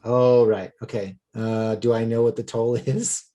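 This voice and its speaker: A man playing in a tabletop game over an online call, chatting casually with relaxed, self-deprecating remarks. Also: medium pitch, a little slow, highs cut off, faint music behind. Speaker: player. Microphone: online call microphone.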